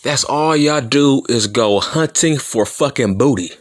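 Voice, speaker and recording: Slurred, slow-talking man cutting a promo. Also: medium pitch. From Compton, California. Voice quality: slurred, mushy speech with stutters. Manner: taunting, combative, swearing often. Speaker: wrestling vlogger. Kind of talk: profane heel-style wrestling promo rant.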